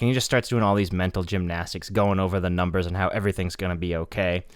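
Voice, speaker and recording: Low-voiced man recapping a plot casually. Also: fairly even intonation, fast talker, smooth, no echo. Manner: recapping plot, laid-back, swears casually. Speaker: podcast host. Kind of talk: casual chat.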